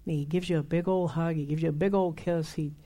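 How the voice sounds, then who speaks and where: Mellow-voiced older woman preaching. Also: sits low, fairly even intonation, fast. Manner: conversational, emphatic, repeats herself for stress. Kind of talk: sermon.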